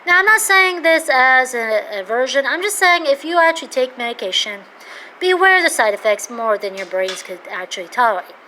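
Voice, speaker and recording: A woman in her thirties talking in a casual, rambling monologue, excitable and jumping between topics. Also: moderate pace, slight background noise, low-quality recording. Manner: excitable, rambling, jumps to loud high-pitched outbursts. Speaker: vlogger.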